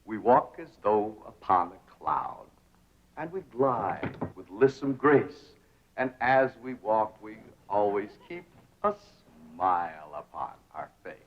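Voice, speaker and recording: A man's voice: medium pitch, sing-song, moderate pace, dull audio, natural voice. An actor playing a pompous, theatrical young rich man who talks in a grandiose, affected, overenunciated way, on a hissy 1960s TV soundtrack. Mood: coaching.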